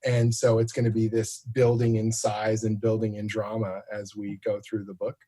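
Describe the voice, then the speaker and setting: A man's voice: on the low side, completely flat delivery, mellow. A man from Canada, a comic book writer, chatting on a podcast with enthusiasm and frequent laughter. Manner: enthusiastic, laughs often, quick asides. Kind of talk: casual podcast chat.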